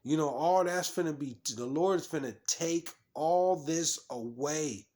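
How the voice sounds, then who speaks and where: A man's voice: fairly high pitch, unhurried, darkish tone. A man preaching, reading scripture and commenting on it in a scolding, repetitive way, stumbling over restarts and fillers.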